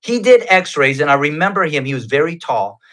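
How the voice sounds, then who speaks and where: A man's voice: a little high, big pitch swings, a bit bright. A man giving his personal faith testimony as a guest, telling it in an earnest, conversational way. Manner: earnest, conversational, unhurried retelling.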